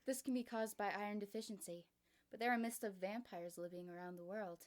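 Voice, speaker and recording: A woman voicing a female schoolteacher who explains a lesson in an even, matter-of-fact way in a storybook reading. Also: medium pitch, a little fast, close to an everyday voice. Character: calm female schoolteacher giving a lecture.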